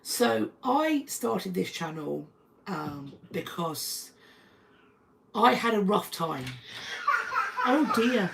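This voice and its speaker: Gravelly woman hosting a live stream. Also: lowish voice, expressive, slow, fairly bright tone, slight background noise, low-quality recording. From North London, England. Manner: chatty, thanks viewers one by one, restarts sentences. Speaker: history channel host. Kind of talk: live stream, history talk and chatting with viewers. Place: at home.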